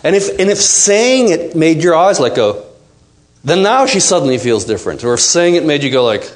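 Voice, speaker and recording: A man giving a seminar talk to a live audience, animated and playful, acting out quoted voices. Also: on the high side, moderate pace. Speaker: seminar speaker.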